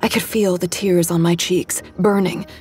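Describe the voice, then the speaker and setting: A woman's voice: fairly low pitch, fairly even intonation, normal speed, darkish tone, faint music behind. A woman giving tense, intimate first-person dramatic narration in an audio drama.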